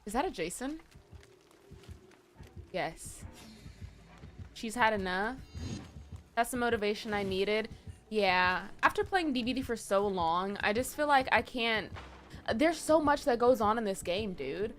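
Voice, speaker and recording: A woman's voice: a little high, animated, unhurried, pauses often, faint music behind. A young woman streaming live, chatting casually with her viewers and reading chat aloud, swearing now and then.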